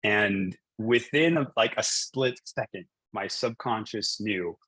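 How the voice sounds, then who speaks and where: A man's voice: lowish voice, slow, pushed and bright, breathy edge, no echo, poor audio. A man in his thirties, a coach, telling a personal story in a casual coaching conversation, full of fillers and restarts. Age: 30s.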